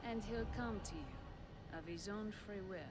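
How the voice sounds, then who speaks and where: A woman's voice: medium pitch, unhurried, heavy background noise, natural voice. An actress voicing a combative female mercenary in a video game, speaking with a Russian accent. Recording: game audio under loud music.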